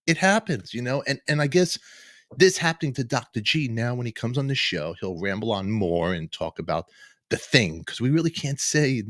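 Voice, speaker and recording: Man in his fifties, talk show host, jokey and rambling, mid pitch, dry close sound. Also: normal speed, no echo. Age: 50s. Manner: joking, rambling, excitable. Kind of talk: casual live-stream chat.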